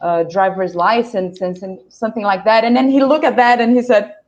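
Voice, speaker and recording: A Brazilian woman whose first language is Portuguese, speaking English with a Brazilian accent, telling a lively story on a video call and acting out the voices in it. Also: mid-range voice, brisk, dull audio. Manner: animated, laughing, acts out quoted voices. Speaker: guest English teacher. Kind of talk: storytelling in a live online panel.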